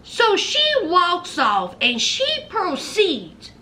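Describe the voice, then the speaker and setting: A woman with a very high, bright voice recaps reality TV in a sassy commentary. She swings her pitch widely and takes her time, scolding the people on the show directly and mimicking their lines. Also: very animated, slow pace. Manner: blunt, mocking, talks straight at the people she discusses; acts out quoted lines in put-on voices.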